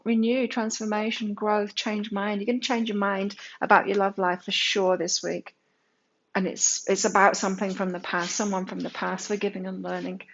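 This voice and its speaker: A woman's voice: mid-range voice, muffled recording, a little hiss or hum. A woman giving a casual tarot reading to her viewers, speaking candidly and swearing now and then. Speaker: tarot reader.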